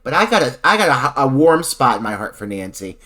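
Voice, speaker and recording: A man's voice: medium pitch, brisk. A man co-hosting a podcast, talking about a film with crude jokes and casual swearing. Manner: crude, joking and animated. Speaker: podcast co-host.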